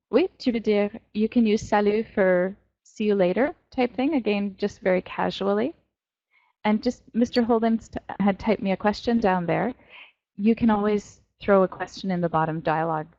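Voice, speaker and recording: A woman teaching an online French class to young students, playful and animated as she explains pronunciation. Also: mid-range voice, no room sound, dull audio. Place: virtual world classroom.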